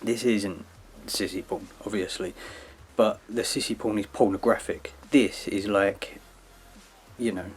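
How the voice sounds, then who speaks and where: A man's voice: fairly low pitch, fairly even intonation, a little slow, breathy edge. A man giving a casual, rambling explanatory monologue, tagging his sentences with "yeah" and "like" in an earnest, lecturing way. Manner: rambling, with frequent "yeah" and "like" tags. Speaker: video commentator.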